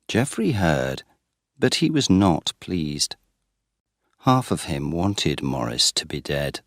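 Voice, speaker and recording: Man narrating a learner story, deep voice, lively intonation, slow pace, dry recording. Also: no echo. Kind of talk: graded-reader story narration.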